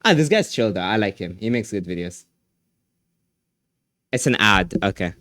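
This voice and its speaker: A man's voice: fairly low pitch, animated, moderate pace, fairly bright tone, no echo, clean studio sound. A young man streaming live, chatting casually in a rambling, slangy way with lots of restarts.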